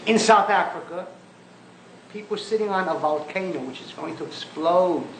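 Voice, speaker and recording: Male rabbi, high lively voice, emphatic and scornful, lecturing in a roomy hall; old archival lecture recording. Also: normal speed, slight background noise. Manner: emphatic, mocking, rhetorical questions. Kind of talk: impassioned public lecture.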